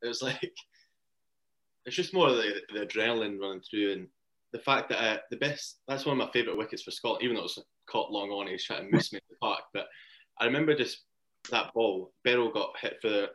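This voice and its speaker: A man's voice: fairly low pitch, fairly bright tone. A young man, a cricket player as guest, telling casual stories and laughing along. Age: young adult. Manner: chatty, laughs while telling anecdotes. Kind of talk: casual interview storytelling.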